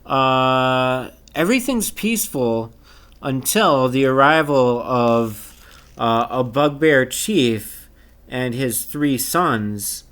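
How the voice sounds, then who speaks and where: A man narrating a tabletop game as game master, pausing often with fillers. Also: mid-range voice, animated, fairly bright tone. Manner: hesitant, many uh fillers.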